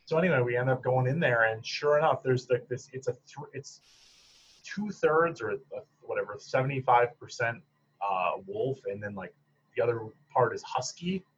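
This psychologist guest, a man from the Upper Peninsula of Michigan, speaks at a normal pace in a husky, mid-range voice. Telling stories in a relaxed interview, he chats freely with plenty of fillers and chuckles at his own anecdotes, all captured in dull lo-fi audio.

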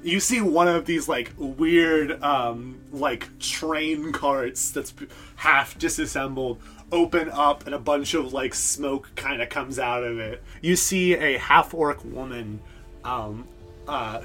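A male game master narrating a tabletop game in a mid-pitched, everyday voice. He rambles loosely, with lots of fillers and restarts. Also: unhurried, sharp tone, faint music behind.

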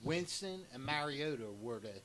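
A man on a sports panel, laying out his football picks in a measured way. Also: fairly high pitch, animated, fairly bright tone, slight background noise. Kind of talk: casual sports banter.

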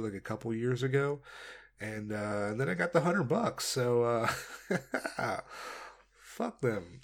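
A young man telling stories on a casual solo podcast, rambling and laid-back, with many fillers, laughs and swearing. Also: medium pitch. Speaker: podcast host.

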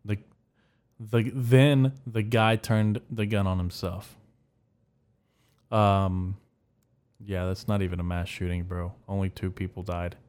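A young man hosting a solo comedy podcast, rambling crudely and telling dark jokes deadpan. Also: sits low, slow, pauses often, smooth. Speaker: podcast host.

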